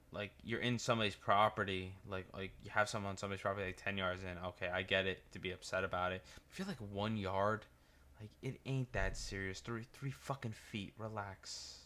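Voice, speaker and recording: Rambling New York guy with a bright voice. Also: lowish voice. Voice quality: profane, rambling storyteller. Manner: laughs through stories, restarts often. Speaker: reaction video host. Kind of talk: casual reaction commentary.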